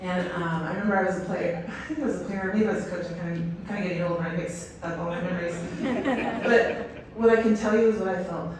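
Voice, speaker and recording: A woman's voice: lowish voice, steady tone, fast. Woman coach telling stories over a stadium pa, big echo, sounds far off, bit of background hum. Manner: enthusiastic, storytelling, many fillers. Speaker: head volleyball coach, guest speaker. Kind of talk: speech to a stadium crowd. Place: outdoor stadium.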